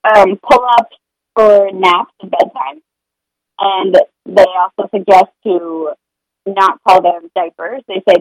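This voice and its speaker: A woman's voice: mid-range voice, fairly even intonation, slow pace, no echo, rough recording. A woman talking casually and earnestly about her experience as a parent, rambling a little and slipping into sing-song voices when she repeats what she says to her child. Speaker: parent sharing potty-training experience. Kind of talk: casual podcast conversation.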